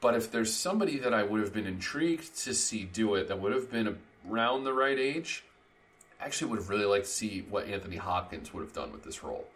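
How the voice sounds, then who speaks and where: A man's voice: fairly low pitch, expressive, quick pace, a bit bright. A man co-hosting a film review podcast in casual chat, thinking aloud with restarts. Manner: hesitant, lots of restarts. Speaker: podcast host.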